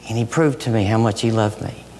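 A man's voice: lowish voice, fairly quick, slight background noise. Impassioned preacher man in a reverberant hall. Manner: impassioned, rising and falling between loud emphasis and soft near-whispers. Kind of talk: sermon.

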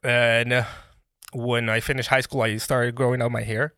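A man from Colombia, a native Spanish speaker, telling his story as a podcast guest in an animated way, often restarting his sentences. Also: medium pitch, normal speed, clean tone, no echo, clean studio sound. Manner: animated, restarts often, bursts into laughing exclamations. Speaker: podcast guest, brand founder. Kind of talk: casual interview storytelling.

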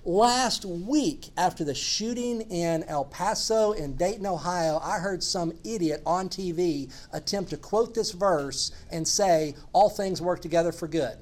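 A man's voice: sits high, measured pace, hardly any pauses. A man preaching a sermon as a pastor, earnest and emphatic, building his points through repeated phrases.

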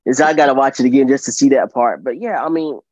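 A man's voice: mid-range voice, quick pace, a little mellow, no room sound. A man hosting a casual podcast chat, enthusiastic, laughing often and restarting his sentences. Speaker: podcast host. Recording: dull, dry lo-fi sound.

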